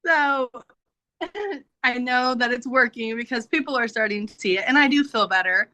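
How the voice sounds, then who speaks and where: A woman speaks over a video call with a bright, forceful voice, sharing her personal testimony. She talks warmly and casually, with plenty of fillers and little laughs. The sound is close and dry, with no room echo. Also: fairly high pitch, moderate pace. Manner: warm, heartfelt, frequent laughs and fillers. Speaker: business team member giving a testimony.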